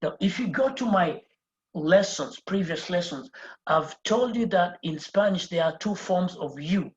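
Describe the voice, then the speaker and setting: Teacher at a board going over basics slow, repeats stuff, spells words out letter by letter, echoey room, kinda muffled. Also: medium pitch, lively intonation. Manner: patient, explaining step by step. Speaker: Spanish teacher. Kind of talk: beginner language lesson at a board. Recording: roomy, dull lo-fi sound.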